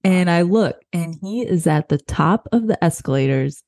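A woman in a comedy chat who speaks dryly and deadpan, correcting the other speaker's story. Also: on the low side, normal speed. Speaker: co-host.

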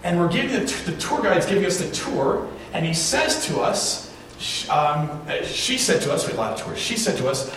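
A man's voice: fairly high pitch, very animated, normal speed, a bit bright, slight background noise. A man in his forties preaching a sermon, telling stories in a conversational way and asking rhetorical questions. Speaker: pastor. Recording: very echoey hall from far off.

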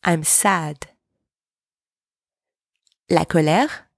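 Slow, careful woman teaching language. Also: low-pitched, dry recording, studio quality. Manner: slow, careful, repeats French words for practice. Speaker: French teacher, podcast host. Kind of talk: language lesson podcast.

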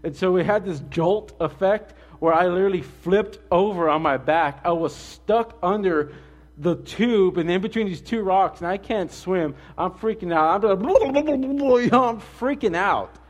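A man preaching a sermon in a conversational way, mixing scripture with an animated personal story. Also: high-pitched, normal speed. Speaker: pastor.

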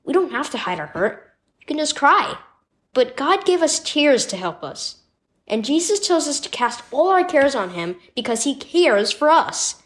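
Storybook mom, soft and reassuring, bright and lively as a woman reads her. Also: on the high side, lightly acted. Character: gentle caring mother comforting her son.

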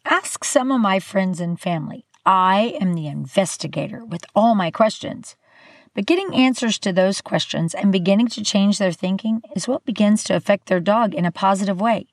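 An older woman hosting her own podcast, bubbly and animated with playful asides, talking casually to the listener. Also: medium pitch, normal speed, dry recording. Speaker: podcast host. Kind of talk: casual solo podcast talk.

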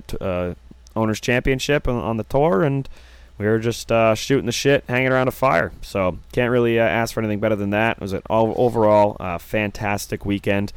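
Young dude podcast cohost, deep voice, talks fast and rambles with lots of uhs, dry close sound. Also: male voice, clean tone, dry recording. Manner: rambling, many "uh" fillers. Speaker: podcast co-host. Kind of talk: casual chat.

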